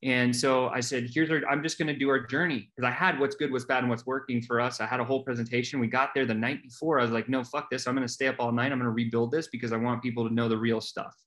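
A man's voice: medium pitch, little pitch movement, fast talker, hardly any pauses, a bit bright. A man talking as a podcast guest, telling his story candidly and earnestly, often restarting and repeating words.

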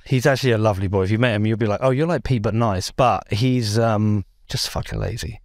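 A man's voice: lowish voice, a little fast, no room sound, studio quality. A middle-aged man hosting a podcast, joking, swearing freely and telling stories in casual banter.

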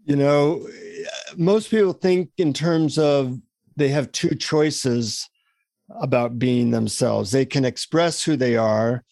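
A man's voice: medium pitch, slow, gravelly, darkish tone, no room sound. A man co-hosting a podcast over a video call, explaining ideas in a reflective, conversational way. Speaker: podcast co-host. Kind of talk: casual conversation.

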